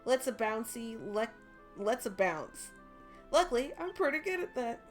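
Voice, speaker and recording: A woman's voice: a little high, sing-song, measured pace, faint music behind. A woman voicing a cheerful, chatty small slime creature in a video game, bubbly and apologetic as she reads its lines. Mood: worried.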